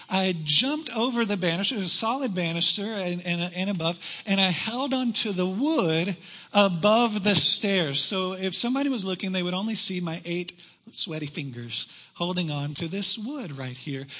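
A man preaching a sermon, telling a funny personal story with animated, acted-out moments before closing in prayer. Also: sits high. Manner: animated storytelling, acts out his own panic. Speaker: pastor.

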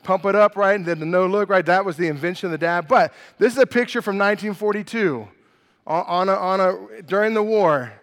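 A middle-aged male pastor preaching a sermon, lively and quizzing the congregation with questions. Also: high voice, brisk, long reverb tail.

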